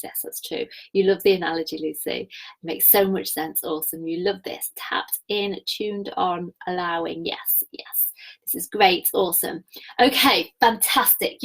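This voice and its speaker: An enthusiastic woman coaching viewers live, talking about energy and alignment and reading out their comments. Her voice is husky and slightly croaky from a week of talking. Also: mid-range voice, rough recording. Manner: enthusiastic, spiritual, reads viewer comments aloud. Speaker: business coach. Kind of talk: live-streamed coaching session.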